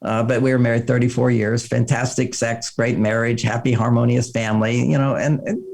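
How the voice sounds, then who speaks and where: A man's voice: mid-range voice, fairly quick, gravelly. An older man, an author being interviewed, telling stories and acting out the voices of people he quotes. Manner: animated storyteller, acts out quoted voices. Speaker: author guest. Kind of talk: interview conversation.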